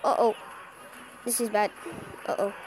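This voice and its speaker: A woman giving excitable live commentary over her own card-battle game, cheering and groaning at every play. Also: medium pitch, a little slow, noisy background. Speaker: gaming channel host.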